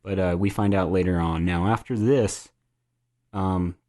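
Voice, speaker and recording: Lower-voiced podcast host leading a recap. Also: male voice, fairly even intonation, unhurried, a little mellow. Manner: leads the recap, prompting co-hosts with questions. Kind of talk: casual podcast chat.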